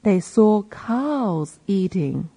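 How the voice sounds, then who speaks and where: A woman repeating a simple story phrase by phrase after a male reader, slowly and clearly, as a reading model for learners. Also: medium pitch, big pitch swings, warm tone. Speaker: reading teacher. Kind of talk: slow read-aloud for learners to repeat.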